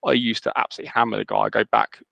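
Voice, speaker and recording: A man's voice: on the low side, racing, gravelly, no echo, lo-fi sound. A man co-hosting a podcast, ranting in a casual chat and acting out quoted emails. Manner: animated, ranting, exaggerated quoting. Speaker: podcast co-host.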